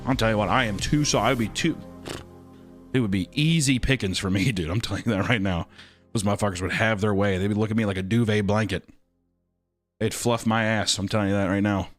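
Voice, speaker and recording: A man's voice: on the low side, steady tone, fairly quick, faint music behind. A man chatting casually on a live stream while drawing, rambling and joking with crude humor.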